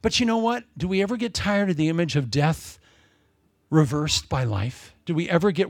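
A middle-aged man preaching a sermon, swinging between loud shouts and soft, hushed storytelling. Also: high-pitched, big pitch swings, normal speed, dry recording, studio quality. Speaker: pastor.

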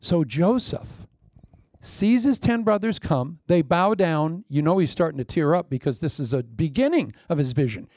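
A man preaching a sermon, telling a story with lively energy and acting out the voices. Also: on the high side, normal speed, dry recording, studio quality. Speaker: pastor.

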